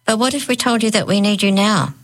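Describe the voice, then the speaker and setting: A woman's voice: mid-range voice, fairly quick, pitched above the performer's own voice, close to an everyday voice, rough recording. A woman voicing an eager, eccentric male professor who pleads and cheers. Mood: pleading. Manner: pleading, jubilant.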